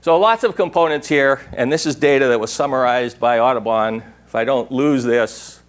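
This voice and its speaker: A man's voice: medium pitch, moderate pace. An older man giving a workshop talk in a lecture room, rambling and digressive, now and then imitating an owl's call. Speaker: workshop speaker. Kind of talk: conference talk.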